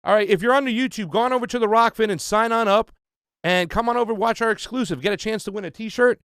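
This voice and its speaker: A man's voice: high voice, fast, a bit bright, clear, resonant tone, no room sound, studio quality. A man hosting a casual livestream trivia game, talking loosely with plenty of fillers and restarts.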